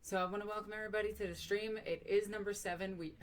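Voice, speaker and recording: A woman's voice: medium pitch, fairly even intonation, very fast, hardly any pauses, a little hiss or hum. A woman hosting her own live stream in casual, rambling chat, self-mocking and swearing freely. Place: at home by her computer.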